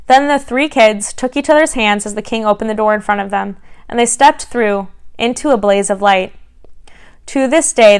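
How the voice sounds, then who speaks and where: A woman reads a bedtime story to children in an expressive, friendly way, as a church children's ministry storyteller. Her voice is smooth and clear and sits a little high. She addresses the listening children directly. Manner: warm, expressive reading to children.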